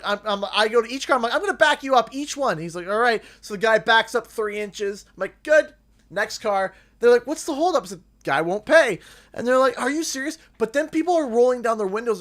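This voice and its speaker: Bright-voiced Canadian man telling stories. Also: high voice. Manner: animated, acts out the people in his stories. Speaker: streamer. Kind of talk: casual livestream storytelling.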